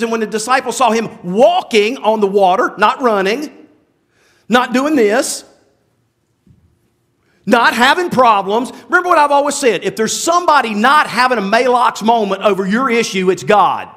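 A man's voice: extremely high pitch, expressive, normal speed, a bit bright. A man preaching a sermon in a conversational way, with many asides and restarts, often asking the listeners rhetorical questions. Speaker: pastor.

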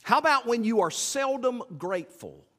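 A man preaching a sermon in a folksy, animated way, acting out little asides to the congregation. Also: very high-pitched, normal speed. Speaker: pastor. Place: church sanctuary. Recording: long church reverb.

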